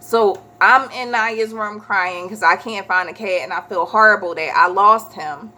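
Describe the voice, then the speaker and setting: A woman, chatting casually as a vlogger and telling a story with animated quoted voices. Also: medium pitch, a little slow.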